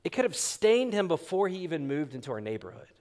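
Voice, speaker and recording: Animated storytelling pastor, man. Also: fairly high pitch, fast. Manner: animated storyteller acting out quotes. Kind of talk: sermon with storytelling.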